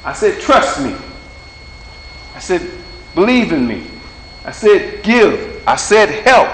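A man's voice: high-pitched, sing-song, slow pace, a bit bright. A man preaching an informal sermon in a plain-spoken, folksy way, acting out little dialogues, then leading a prayer. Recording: echoey hall with faint hum.

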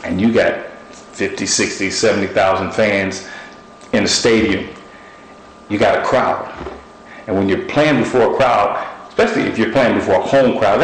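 Man, preacher, sermon, low voice, repeats short phrases, echoey room. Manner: repeats short phrases, uses object illustrations. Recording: echoey room with faint noise.

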